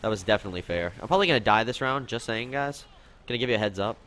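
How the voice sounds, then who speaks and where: A young man commentating on his own gameplay, excitable, yelping and complaining at the game as he plays. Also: fairly low pitch, rapid-fire, slight background noise. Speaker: gaming commentator.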